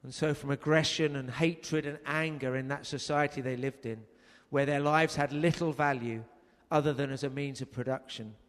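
A man preaching a sermon, telling a story earnestly and raising his voice for emphasis. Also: medium pitch. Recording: long hall reverb.

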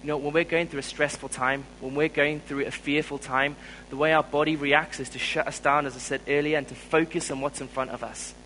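A man with a South African accent preaching a sermon, telling a personal story in an earnest way and growing louder when he stresses a point. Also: fairly high pitch, fairly even intonation, a little fast, few pauses, slight background noise, low-quality recording.

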